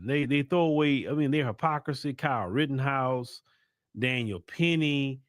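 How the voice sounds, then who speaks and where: Casually commenting on the news during his live stream, a relaxed male host chats with viewers, taking his time and filling his speech with ums and restarts. His medium-pitched voice sounds animated, and the close, dry recording has no echo.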